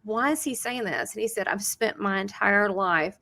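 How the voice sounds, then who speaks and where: A woman hosting an interview who works as a psychic medium, telling a story in an animated way and acting out quoted dialogue with frequent laughs. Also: medium pitch, normal speed, vocal fry. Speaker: psychic medium and show host.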